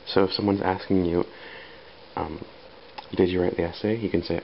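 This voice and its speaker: A man with a very low, gravelly voice explains grammar slowly and patiently. The recording is dull and lo-fi, with a faint hiss behind him. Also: steady tone. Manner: unhurried, with pauses and fillers. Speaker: English teacher.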